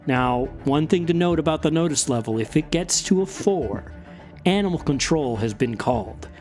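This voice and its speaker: A man narrating a tabletop game as game master, in a casual, relaxed way. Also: on the high side, normal speed, faint music behind.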